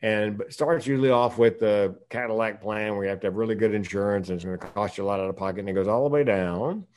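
A man's voice: lowish voice, fast talker, a little mellow, a little hiss or hum. A man from the United States, a podcast guest, talking candidly in casual conversation and laughing often while telling stories.

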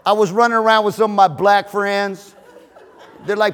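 A man preaching a sermon as pastor, emphatic and joking, with shouted peaks. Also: high voice, little pitch movement, normal speed. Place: church auditorium. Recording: reverberant hall.

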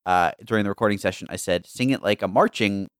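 A man's voice: fairly low pitch, fast, clear, resonant tone, no room sound, clean studio sound. A man hosting a casual gaming podcast, jokey and self-deprecating, often stumbling and restarting his sentences. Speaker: podcast host.

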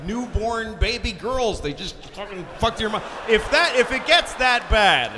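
Forties male comic from Boston, profane rant with deadpan turns, live in a big reverberant hall. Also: high voice, measured pace, background noise. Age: 40s. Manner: ranting, profane, deadpan asides. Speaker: stand-up comedian. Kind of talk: live stand-up comedy. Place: large concert hall stage. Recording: live hall recording with long reverb and faint ambience.

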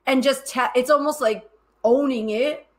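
A woman co-hosting a casual podcast, with a voice a little higher than most. She talks effusively and pokes fun at herself, and laughter slips into her speech often. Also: moderate pace. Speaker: podcast co-host.

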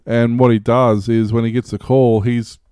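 A man's voice: mid-range voice, little pitch movement, moderate pace, dark tone, smooth, no room sound, clean studio sound. A man in casual chat, explaining things in a loose, rambling way.

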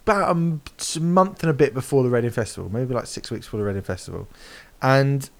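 A man in his forties, a podcast guest, chats casually and tells a very animated story full of swearing. His medium-pitched voice moves quickly and has vocal fry.

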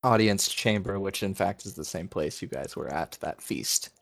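A man narrating as game master of a tabletop role-playing game, in a relaxed manner. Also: low-pitched, normal speed, vocal fry.

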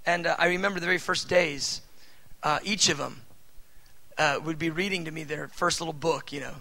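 A middle-aged man preaching a sermon in a conversational way, full of fillers, swinging between loud emphatic bursts and soft asides. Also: on the high side, steady tone, fairly quick, creaky, rough recording. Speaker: pastor.

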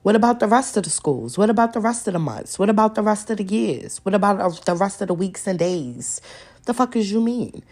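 A woman's voice: medium pitch, animated, fairly quick, a little mellow. A young adult woman hosting a solo podcast, ranting in a profane, confrontational way and repeating lines for emphasis. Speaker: podcast host.

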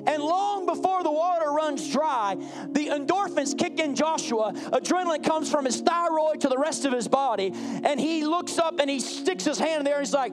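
A man's voice: extremely high pitch, lively intonation, moderate pace. A man preaching a sermon, acting out voices and repeating phrases for effect. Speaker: pastor. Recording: faint music behind.

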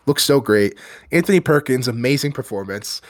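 An enthusiastic young man co-hosts a casual movie podcast and drifts into rambling tangents. His voice sits at an ordinary middle pitch. It is recorded dry and close. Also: animated, normal speed, dry recording. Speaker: podcast co-host. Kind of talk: casual film podcast chat.

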